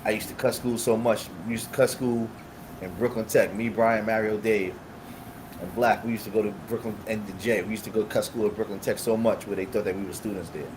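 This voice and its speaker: A man's voice: on the low side, brisk, noisy background. A man, telling stories in casual chat and acting out the people in them, with heavy street slang. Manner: animated storyteller acting out quoted voices, heavy street slang. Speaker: podcast co-host.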